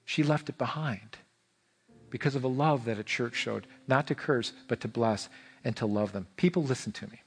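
A man preaching a sermon as pastor, emphatic and repetitive, swinging between fervent and hushed. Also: medium pitch, moderate pace, slightly rough, long reverb tail. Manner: repeats phrases for emphasis. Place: church sanctuary.

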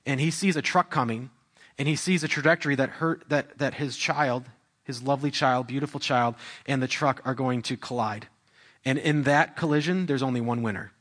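A man's voice: medium pitch, normal speed, a bit bright. A young adult man preaching a sermon into a microphone in a church, talking conversationally with restarts and building to raised intensity. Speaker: pastor. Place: church hall. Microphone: handheld or stand microphone.

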